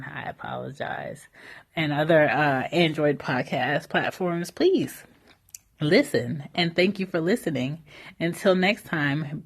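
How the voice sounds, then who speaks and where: Candid young mother hosting a podcast. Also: low-pitched. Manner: candid, conversational, with frequent fillers and mild profanity. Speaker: podcast host. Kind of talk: casual solo podcast monologue.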